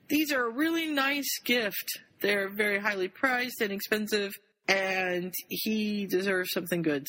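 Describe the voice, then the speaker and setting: A woman's voice: mid-range voice, poor audio. A woman on a group call, casually retelling and reading a fan story to friends. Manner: retells the story in lively summaries.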